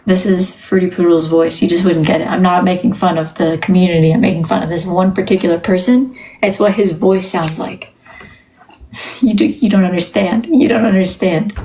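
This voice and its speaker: A woman's voice: fairly low pitch, fairly even intonation, fairly quick, hardly any pauses, dark tone, slight background noise, low-quality recording. A woman hosting a casual livestream from home, talking in a candid, rambling way with many restarts. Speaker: livestream host. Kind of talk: casual live-stream chat.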